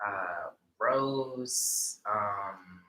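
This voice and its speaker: A man's voice: on the low side, drawn-out words, roomy sound, background noise. A man chatting casually on a podcast, hesitant and full of fillers, often dropping to a near-whisper. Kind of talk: casual chat.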